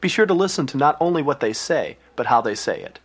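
Male narrator, lively scripted delivery, husky voice, animated pitch. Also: fast talker. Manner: lively, guiding.

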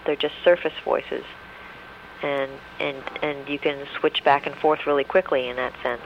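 A man's voice: on the high side, fairly even intonation, moderate pace, lo-fi sound, a little hiss or hum. A man, a voice actor, explaining technique in a matter-of-fact way. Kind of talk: interview talk.

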